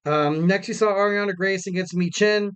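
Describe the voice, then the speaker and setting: A man's voice: sits high, moderate pace, fairly bright tone, clean tone. A young man hosting a podcast, recapping wrestling in a casual, rambling way with lots of fillers, self-corrections and jokes at his own expense. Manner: jokey, laughs at himself. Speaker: podcast host.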